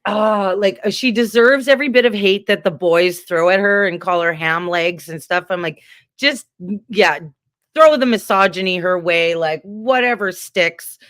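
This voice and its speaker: A woman from Canada talks in a heated, rambling rush, piling fillers and restarts into animated stories. Her voice sits at an ordinary middle pitch. The sound is dry and close, with no room around it. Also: moderate pace, no echo. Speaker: guest. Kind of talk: casual political chat.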